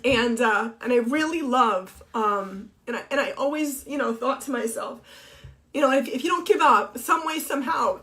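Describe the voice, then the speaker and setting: A woman's voice: a little high, a bit bright. Tearful woman talking through tears. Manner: tearful, halting, with many restarts. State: crying. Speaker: blogger and TV co-host. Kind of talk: emotional Facebook Live monologue. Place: home office.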